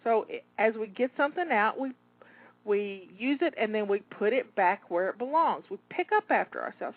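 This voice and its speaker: A woman's voice: on the high side, lively intonation, normal speed, no room sound. Encouraging woman coaching over a tinny line. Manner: upbeat, encouraging, talks listener through tasks. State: slightly out of breath. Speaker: home organizing coach. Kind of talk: live timed cleaning coaching. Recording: tinny phone-like line, dry.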